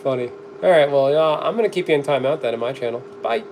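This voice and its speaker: Cooking live on camera, a middle-aged streamer reads comments aloud with dry humor, talking to the camera as he works and coughing frequently. He speaks at a quick pace in a medium-pitched, slightly mellow voice, with clear background noise behind him.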